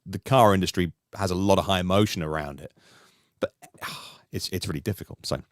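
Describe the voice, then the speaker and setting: A man talking through a podcast discussion in an animated, rambling way, with many restarts. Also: sits low, fairly quick, no echo, clean studio sound. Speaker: podcast host, guest panelist.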